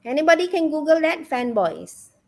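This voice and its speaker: A woman teaching English in a live webinar, with a Malaysian English accent and a lively manner, often checking in with "okay?" and "yeah?". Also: high-pitched, moderate pace, creaky.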